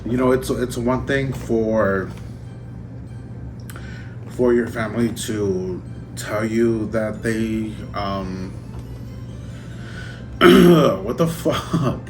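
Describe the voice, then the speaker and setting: A man in a casual unboxing vlog who talks in an emotional, halting way, choking up and trailing off. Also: on the low side. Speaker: vlogger. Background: music.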